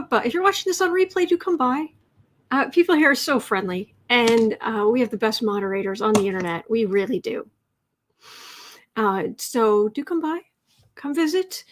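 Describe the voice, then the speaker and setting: A woman with a somewhat high voice hosts a tarot live stream in a loose, chatty way. She rambles, corrects herself mid-sentence and drifts into quiet muttering as she reads the chat. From Chicago area. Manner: chatty and rambling, with frequent fillers and self-corrections; drops into soft muttering while scrolling the chat.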